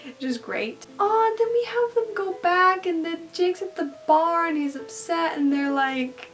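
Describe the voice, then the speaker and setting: A woman talking through a TV episode in a casual recap, gushing and excitable as a fan. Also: high-pitched, moderate pace, recorded from a distance.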